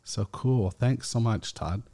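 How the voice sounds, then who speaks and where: A man hosting a casual solo podcast, talking slowly and rambling with fillers and chuckles. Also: mid-range voice, mellow, no echo. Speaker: podcast host.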